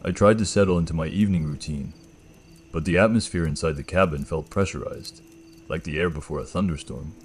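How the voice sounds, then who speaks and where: A man with a slight gravel in his throat, telling a first-person horror story in a slow, measured, ominous way. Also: extremely low pitch, slight background noise.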